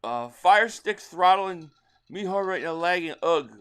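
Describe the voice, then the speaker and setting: High-voiced excitable football streamer, man. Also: a little slow, clean tone. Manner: excitable play-by-play calling, reading viewer chat. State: slightly losing his voice. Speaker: live stream host. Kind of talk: live sports reaction stream.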